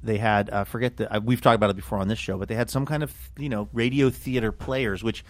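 A man's voice: on the low side, fairly even intonation, quick pace, dry recording. Male podcast co-host, casual and self-mocking, recorded dry and close. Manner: rambling, playful, self-mocking. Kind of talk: casual chat.

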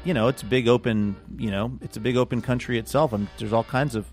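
A man's voice: mid-range voice, steady tone, quick pace, soft background music. A man co-hosting a podcast, talking things through in a hesitant, musing way. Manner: thoughtful, hesitant. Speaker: podcast co-host. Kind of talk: casual chat.

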